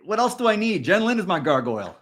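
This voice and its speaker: A man co-hosting a candid podcast conversation, telling stories in a loose, animated way with plenty of fillers. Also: high voice, quick pace. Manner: storytelling, animated, frequent fillers. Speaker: podcast co-host.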